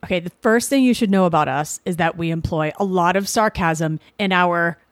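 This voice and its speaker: A woman's voice: lowish voice, normal speed, dry recording. A woman in her forties from the Boston suburbs, co-hosting a podcast in casual, sarcastic banter that rambles through self-corrections. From Boston suburbs, USA. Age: 40s. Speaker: podcast co-host.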